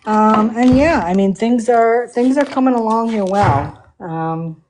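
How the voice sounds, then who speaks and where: A woman's voice: medium pitch, a little slow, background noise. A woman hosting a casual livestream while working on a project, talking with many fillers and breaking into playful laughter. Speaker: livestream host refinishing furniture.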